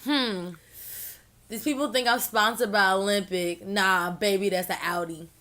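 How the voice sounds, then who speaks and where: A woman's voice: medium pitch, fairly even intonation, a little slow, sharp tone, a little hiss or hum. Young woman, vlog host, bubbly and casual, talks while eating. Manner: bubbly, chatty, lots of "like" and "ooh". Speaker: mukbang vlogger.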